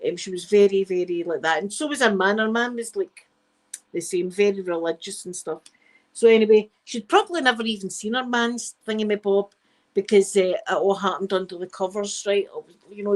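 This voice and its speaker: Poor audio carries a middle-aged Scottish woman's medium-pitched voice as she, the channel host, tells a rambling, digressive story on her live stream. She speaks frankly and swears freely in this casual storytelling.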